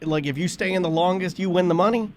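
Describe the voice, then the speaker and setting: High-voiced joking man co-host. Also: quick pace, a little mellow, a little hiss or hum. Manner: jokey, often puts on silly voices. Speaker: podcast co-host. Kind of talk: casual comedic chat.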